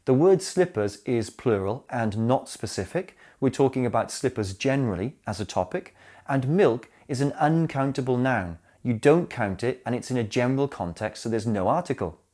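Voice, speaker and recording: A man teaching English grammar in a scripted lesson, with a voice of middling pitch. He lays out each rule deliberately and reads his example sentences aloud with care. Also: expressive, darkish tone. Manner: clear, deliberate explanations with spoken examples.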